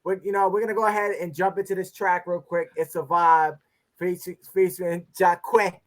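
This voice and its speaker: A man's voice: sits high, flat delivery, brisk. A man hosting a casual interview, playful and joking, laughing often. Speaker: host.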